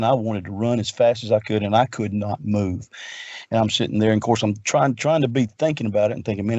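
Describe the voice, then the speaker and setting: A man's voice: lowish voice, darkish tone, no room sound, lo-fi sound. A middle-aged man telling a long personal story in an earnest, rambling way, often repeating himself. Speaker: guest researcher. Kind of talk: casual storytelling.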